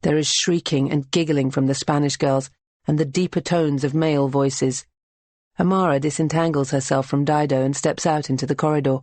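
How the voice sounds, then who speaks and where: Low-voiced woman reading a novel. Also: fairly even intonation, moderate pace, darkish tone, no echo. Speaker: audiobook narrator. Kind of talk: scripted narration.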